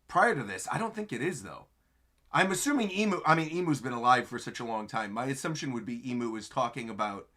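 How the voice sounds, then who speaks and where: A man with a fairly high-pitched, sharp-toned voice hosts a live reaction stream for manga chapters. He chats enthusiastically and laughs often as he reads through a comic chapter.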